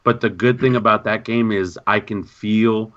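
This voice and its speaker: A man co-hosting a gaming podcast in casual chat, an animated storyteller who repeats himself. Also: on the low side, normal speed, dull audio. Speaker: podcast co-host.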